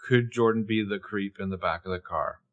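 A man's voice: lowish voice, a little fast, muffled recording. A man co-hosting a podcast, recapping a TV episode in casual chat and playfully quoting the characters. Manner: playful, quotes characters in put-on voices. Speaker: podcast co-host recapping a TV show.

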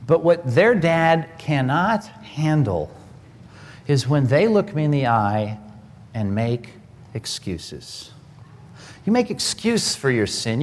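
A male pastor preaching an emphatic sermon, swinging between loud stress and hushed, quiet lines. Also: a little high. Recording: broadcast sermon with long hall reverb.

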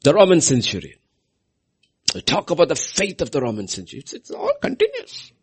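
Man, preacher, sermon, husky voice, lively swooping intonation, repeats phrases for emphasis. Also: fairly quick. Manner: preaching with big swings in pitch and loudness, repeating phrases for emphasis.

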